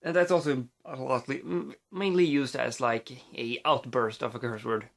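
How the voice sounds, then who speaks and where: A man's voice: medium pitch, fairly even intonation, moderate pace, vocal fry. A man with a Swedish accent, a native Swedish speaker, vlogging casually into his phone, rambling with many fillers and restarts.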